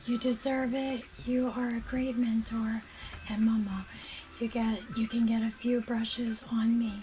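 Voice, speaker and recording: A woman streaming as she paints shoes, chatting casually and thanking viewers in a soft, often half-whispered voice. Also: on the high side, level tone, unhurried, faint music behind. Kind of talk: casual live-stream chat while painting.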